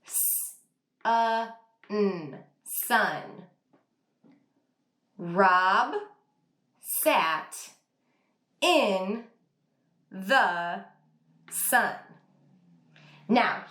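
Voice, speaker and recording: A woman teacher giving an online reading lesson to young children, sounding out words slowly and praising the class. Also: medium pitch, expressive, a bit bright, reverberant. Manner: slow, exaggerated sounding out of words. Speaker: kindergarten teacher.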